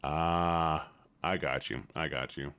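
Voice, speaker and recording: A man's voice: rumbling low, steady tone, slow, fairly bright tone, smooth, no room sound, studio quality. A man streaming a game, chatting playfully and talking to his viewers as if they were pets. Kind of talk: casual chat while gaming.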